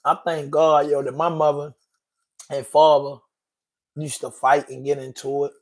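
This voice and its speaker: A man's voice: on the high side, little pitch movement, a little slow. A man hosting a podcast, talking in an emotional, slangy way, repeating himself and saying bro a lot. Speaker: podcast host. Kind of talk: casual commentary monologue.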